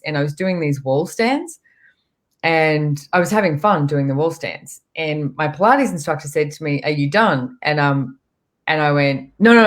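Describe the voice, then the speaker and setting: A woman speaking as a guest in a relaxed conversation, telling stories and voicing what her body says. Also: sits low. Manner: relaxed, storytelling, acts out her body's voice. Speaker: guest facilitator. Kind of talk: casual chat.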